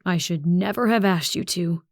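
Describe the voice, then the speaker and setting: A woman voicing a weary male ghost who speaks in quiet, somber musings in an audiobook. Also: lowish voice, normal speed, no echo, clean studio sound, lightly acted.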